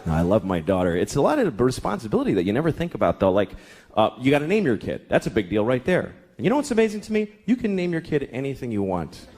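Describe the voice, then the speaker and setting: A man's voice: medium pitch, wildly swooping pitch, fast talker, a little mellow, breathy edge. A man in his thirties doing a stand-up comedy set, exasperated and profane, acting out little voices. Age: 30s. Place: comedy club stage with laughing audience. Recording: live club recording with crowd noise.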